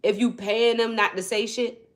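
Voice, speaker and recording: A woman spiritual reader ranting on her livestream, blunt and profane, swinging from low muttering to loud, high-pitched outbursts. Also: steady tone, normal speed. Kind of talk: unscripted livestream rant.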